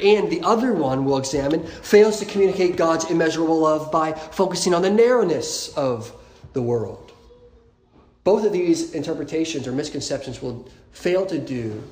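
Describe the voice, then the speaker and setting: A man's voice: on the high side, a little mellow, reverberant, a little hiss or hum. A man preaching a sermon, earnest and emphatic, repeating his key points. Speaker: pastor.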